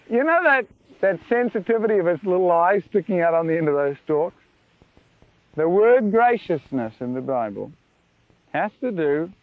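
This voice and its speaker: A man with a high, light voice preaches with wonder, turning often to his listeners with questions. The sound is dry and tinny, like an old phone-line tape. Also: no room sound. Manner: animated, wondering, leans into questions to the audience. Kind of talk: sermon.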